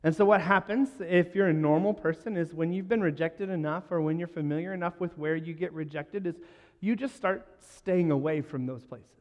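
A man's voice: on the high side, normal speed, in a large hall, highs cut off. A man telling self-deprecating stories to a live audience, with joking asides and laughter. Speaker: speaker addressing a live audience. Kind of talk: humorous talk to a crowd.

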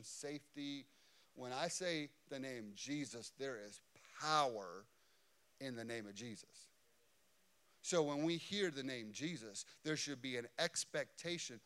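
A man preaching a sermon as pastor, impassioned and building to loud, high emphasis on key phrases. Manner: impassioned, rising in pitch and volume for emphasis.

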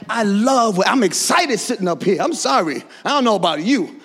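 A preacher delivering a fervent sermon in church, worked up, breaking into shouts and laughter. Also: male voice, high voice, lively intonation, moderate pace, husky.

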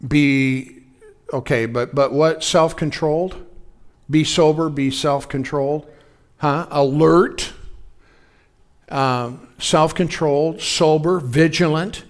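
A man's voice: a little high, fairly even intonation, slow pace. A man in his sixties preaching a conversational sermon, folksy, telling personal stories and asking the congregation questions. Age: 60s. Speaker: pastor.

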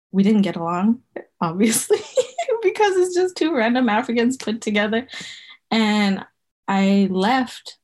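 Speaking at a medium pitch with a slightly mellow quality, a Zimbabwean woman in her thirties, a guest herbalist, shares personal anecdotes. Her storytelling is casual and meandering, full of fillers.

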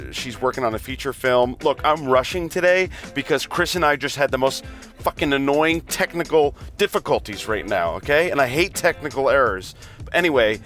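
A man hosting a podcast from a car, talking in a rushed, swearing, casual way. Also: on the high side, fairly bright tone. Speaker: podcast host.

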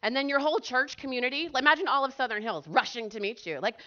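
Female church speaker, chatty sermon delivery, fairly high voice, muffled lo-fi recording. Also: fast. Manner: chatty, animated, filler-heavy, asks the audience questions. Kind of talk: casual sermon to a church group. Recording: dull lo-fi recording.

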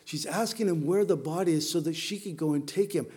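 A man preaching to a congregation. His voice sits high for a man, and his delivery is animated and conversational, full of playful asides. He sounds middle-aged. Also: brisk. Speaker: pastor. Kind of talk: sermon.

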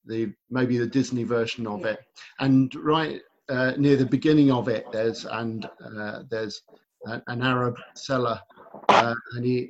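A man's voice: mid-range voice, lo-fi sound. A man giving a sermon, telling a story in a hesitant way with many fillers and restarts. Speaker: preacher.

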